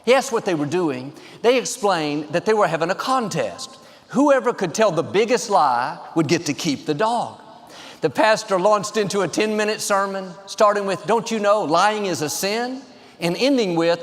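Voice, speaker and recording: A pastor warms up his congregation with jokes, his fairly high voice carrying upbeat, well-paced humor. He is recorded live in a large church auditorium, where the sound rings out in a long reverb. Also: expressive. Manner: upbeat joke-telling with pauses. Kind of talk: sermon opening joke.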